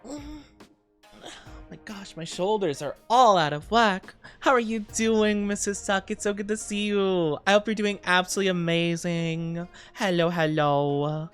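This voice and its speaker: A man's voice: sits high, steady tone, measured pace, clear, resonant tone, faint music behind. A man chatting casually on a live stream, giggly and fidgety and full of filler words.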